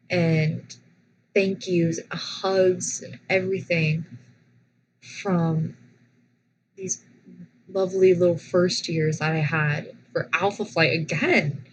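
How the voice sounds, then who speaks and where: A young woman talks slowly and a little low as she spins a casual personal story for her vlog. Her retelling is animated and dramatic, with frequent restarts. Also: slight background noise, low-quality recording. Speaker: vlogger.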